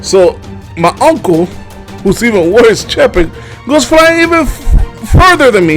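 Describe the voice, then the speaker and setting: A man from the Dominican Republic telling a comedic childhood story, animated and laughing often with casual fillers. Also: high voice.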